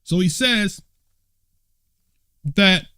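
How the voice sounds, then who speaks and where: A congregation elder leads a conversational bible study, reading passages aloud and asking his listeners questions, while fits of laughter make it hard for him to keep composure. His high-sitting voice is lively, sharp, clean, and extremely slow.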